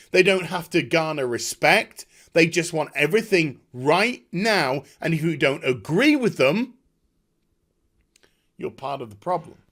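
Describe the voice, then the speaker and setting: Heated, high-pitched ranting man. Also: fairly bright tone. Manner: heated, scornful, profane. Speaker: online commentator. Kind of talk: angry rant vlog.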